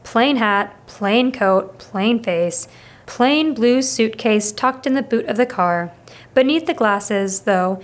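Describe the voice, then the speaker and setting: A woman narrating a children's novel aloud in a steady, expressive reading. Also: a little high. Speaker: audiobook reader. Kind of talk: scripted storybook narration.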